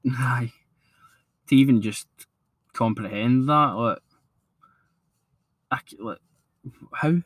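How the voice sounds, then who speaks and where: A Scottish man co-hosting a casual football podcast, calmer and agreeable, steering the chat along. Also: medium pitch, slow pace, pauses often, no room sound. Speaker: podcast co-host.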